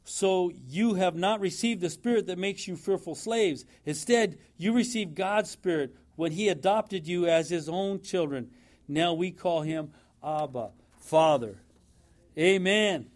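A man's voice: high-pitched, a little mellow. A man preaching a sermon in a church, emphatic and repeating his points for effect.

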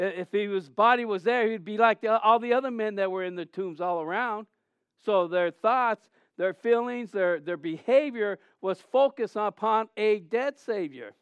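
A man preaching a sermon in a conversational, animated storytelling way, with frequent restarts and repeated phrases. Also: high-pitched, smooth, dry recording, muffled recording. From Southern California. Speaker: pastor.

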